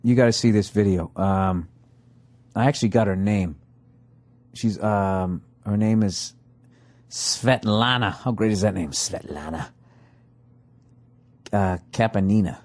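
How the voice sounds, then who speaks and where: A man's voice: lowish voice, steady tone, normal speed, warm tone. Profane ranting man chewing on mic. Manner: profane, ranting, talks while chewing food. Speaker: podcast host. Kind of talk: casual comedy podcast monologue.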